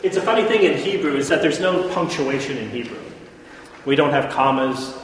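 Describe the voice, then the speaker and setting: A man's voice: a little high, lively intonation, brisk. Chatty male lecturer in echoey hall. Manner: chatty, checks in often with "right?". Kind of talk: informal classroom lecture. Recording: echoey hall, faint room noise.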